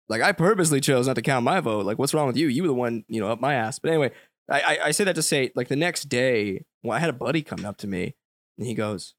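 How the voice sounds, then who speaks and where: A man's voice: mid-range voice, racing, dry recording, clean studio sound. Blunt young American man telling stories. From United States. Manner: blunt and animated storytelling, with casual swearing. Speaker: podcast guest. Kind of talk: casual conversation.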